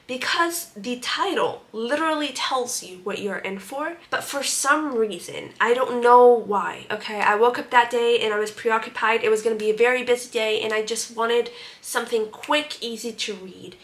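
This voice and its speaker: A young woman talks through her book reviews in a casual, animated way, with plenty of exasperated sarcasm. Her voice is bright and sits a little high for a woman.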